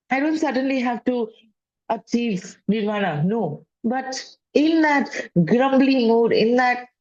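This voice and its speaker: A woman gives a casual spiritual teaching talk as a wellness coach, speaking conversationally and often repeating phrases and adding "right?". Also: mid-range voice. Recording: dull lo-fi sound.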